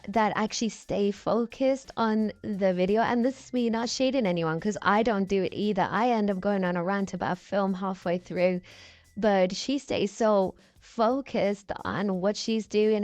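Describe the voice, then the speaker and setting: A woman's voice: medium pitch, a little mellow, no room sound. A chatty, rambling woman from the UK, speaking through a voice changer as she gives casual commentary over her game building.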